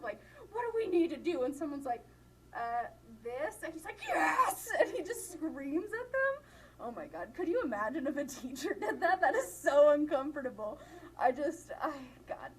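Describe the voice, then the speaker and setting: Young female lecturer, high voice, chatty, giggles often, faint room noise. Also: low-quality recording. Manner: chatty, laughs often, many "like" fillers. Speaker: college instructor. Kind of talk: classroom lecture. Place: classroom.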